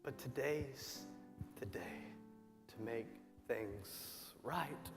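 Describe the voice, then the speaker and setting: A man preaching a sermon, building to impassioned shouts and repeating phrases. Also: mid-range voice, extremely slow, gravelly. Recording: reverberant hall with faint music.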